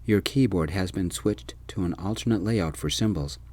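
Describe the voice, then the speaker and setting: A man voicing a calm, formal German male student who is a computer whiz, speaking precisely with a German accent in a soft-spoken ASMR story. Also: low-pitched, normal speed, close to an everyday voice.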